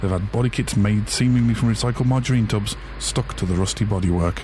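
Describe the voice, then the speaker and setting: A man's voice: on the low side, fast talker, background noise. An English man narrating a mock wildlife documentary in a dry, mock-serious way. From England. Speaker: comedy podcast host. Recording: music behind the voice.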